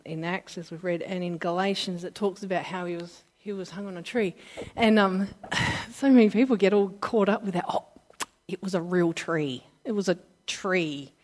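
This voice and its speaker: A woman preacher, from Britain or Australia, speaks in a mid-range voice with a darkish tone. Her sermon is informal, heartfelt and emotional, with rambling restarts and acted-out voices for those she quotes.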